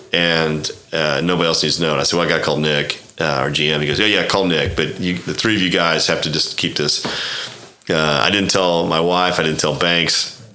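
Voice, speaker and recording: Deep low voice, bright edge, fifties guy from oklahoma rambling thru a story, echoey room. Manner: rambling, acts out quoted dialogue, frequent restarts. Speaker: golf club director, podcast guest. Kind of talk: casual storytelling interview.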